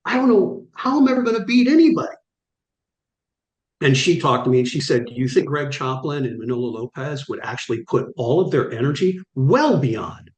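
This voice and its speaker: A man's voice: medium pitch, a little mellow. Middle-aged man telling vivid stories. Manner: vivid, acts out quoted dialogue. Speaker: guest. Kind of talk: animated storytelling. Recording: echoey room.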